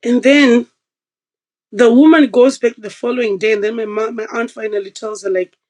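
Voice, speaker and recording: A woman guest on a podcast, telling a personal story in a casual, animated way and acting out the voices of the people she quotes. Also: a little high, normal speed, low-quality recording.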